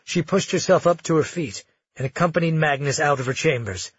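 Husky male audiobook narrator. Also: on the high side, dull audio. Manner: measured, dramatic storytelling.

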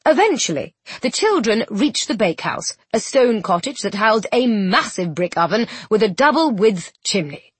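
A woman narrating a storybook with expressive, playful storytelling. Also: mid-range voice, normal speed, slightly rough, no room sound. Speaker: audiobook narrator. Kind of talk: scripted narration.

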